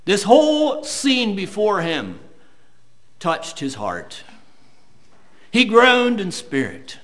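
A man preaching a sermon, reading scripture slowly and building to loud, emphatic points. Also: high voice, big pitch swings. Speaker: pastor.

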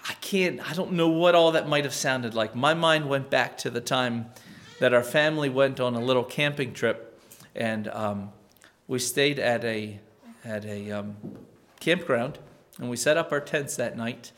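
Male pastor, mid-range pitch, conversational sermon delivery that swells on emphasis. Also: measured pace, fairly bright tone. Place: church.

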